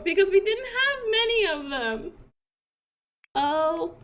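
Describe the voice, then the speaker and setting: A young woman chatting casually while playing a life-simulation game, apologetic, playful and quick to laugh. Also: very high-pitched, very animated, a bit bright, faint music behind. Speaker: gaming streamer.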